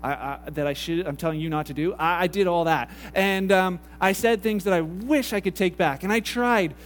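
Man, high voice, pastor, conversational sermon, repeats himself, faint hum behind. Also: moderate pace. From Canada. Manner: conversational, repeats phrases, acts out dialogue. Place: church hall.

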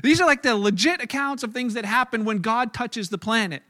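A man preaching a casual sermon to a live congregation, telling the story in an animated, chatty way with lots of restarts. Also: very high-pitched, fairly quick, no echo, clean studio sound. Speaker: pastor. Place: church hall with a live congregation.

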